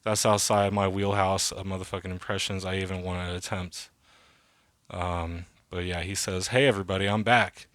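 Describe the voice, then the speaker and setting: A man in his thirties talks on his own in a loose, rambling podcast monologue. He swears a lot and leans on fillers as he goes. His voice sits on the low side and sounds dry and close, with no room echo. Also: completely flat delivery, normal speed, fairly bright tone. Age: 30s. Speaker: podcast host. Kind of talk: casual solo podcast monologue.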